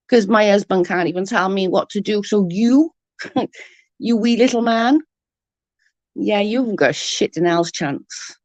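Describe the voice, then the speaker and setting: A woman's voice: mid-range voice, a little slow, dry recording, highs cut off. A woman, ranting bluntly and mockingly as an online commentator, full of profanity. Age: 30s. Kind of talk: ranting live-stream chat.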